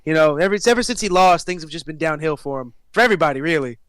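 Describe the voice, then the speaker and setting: A man's voice: fairly high pitch, expressive, very fast, a crowd in the background, lightly acted. A man voicing a chatty male tavern regular who talks in an offhand, gossipy way.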